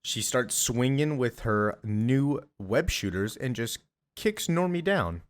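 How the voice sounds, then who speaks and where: Give me a chatty, enthusiastic man recapping comics with an animated voice. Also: medium pitch, slow. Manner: chatty, enthusiastic, rambling asides.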